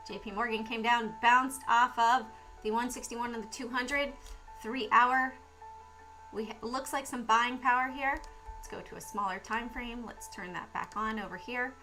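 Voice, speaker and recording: A woman hosting a stock market livestream, talking through charts in a casual, animated way with lots of rhetorical questions. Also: on the high side, measured pace, faint music behind.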